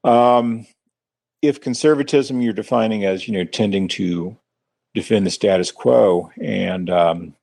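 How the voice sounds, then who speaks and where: A man co-hosting a political podcast, talking in a measured, hesitant way with frequent ums and sardonic asides. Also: lowish voice, vocal fry, darkish tone, no echo. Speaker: podcast co-host and writer. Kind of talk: casual political discussion.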